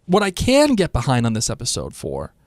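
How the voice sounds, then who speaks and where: A man co-hosting a podcast, talking through a TV episode with animated energy. His voice sits in an ordinary middle range. The sound is dry and close, with no room around it. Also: mid-range voice, brisk, dry recording. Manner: animated, quotes characters in put-on voices. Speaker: podcast co-host. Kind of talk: casual chat about a TV episode.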